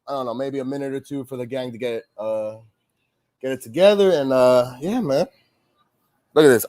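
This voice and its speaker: A man's voice: medium pitch, normal speed, long pauses, darkish tone. A man hosting a casual sports show, venting with frustration, swearing and rambling through restarts. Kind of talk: casual pregame-style sports chat, venting.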